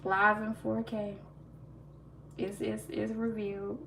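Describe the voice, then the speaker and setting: A woman hosts a casual livestream, chatting to viewers, laughing nervously and restarting her sentences. Her medium-pitched voice is creaky, flat and fairly bright, and she takes it slowly. The mic is a bit far in a roomy, echoey space with faint ambience and slight background noise.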